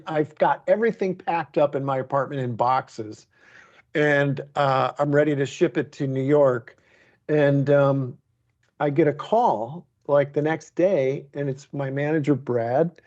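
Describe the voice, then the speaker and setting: A man's voice: a little high, darkish tone, muffled recording. A man from Detroit, a comedian guest telling a story in a casual interview, animatedly acting out other people's lines. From Detroit, USA.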